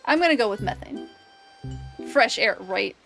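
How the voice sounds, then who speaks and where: A woman with a high voice chats casually and nerdily while streaming a game, often laughing between her remarks. Faint music plays in the background. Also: animated, normal speed, creaky, a bit bright. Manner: chatty, nerdy, laughs often. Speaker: streamer and biologist. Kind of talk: casual game livestream chat.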